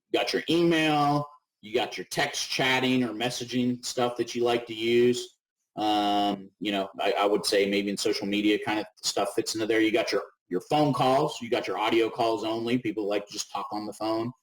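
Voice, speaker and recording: Lower-voiced guy on a video call webinar, lively, keeps saying right?. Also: moderate pace, low-quality recording. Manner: animated, acts out voices, says right? often. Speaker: webinar co-host. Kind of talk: casual webinar talk.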